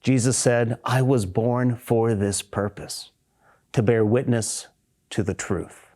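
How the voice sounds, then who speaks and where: A male preacher delivers a sermon with a mellow, darker tone. He reads scripture aloud and explains it earnestly, leaning into key words with a lift in pitch. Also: fairly even intonation, takes it slowly.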